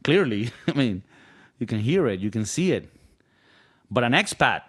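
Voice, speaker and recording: A man's voice: mid-range voice, very animated, moderate pace, long pauses, a bit bright, slightly rough. A young man with a Venezuelan Spanish accent, co-hosting a podcast in casual, joking, rambling chat. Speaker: podcast co-host.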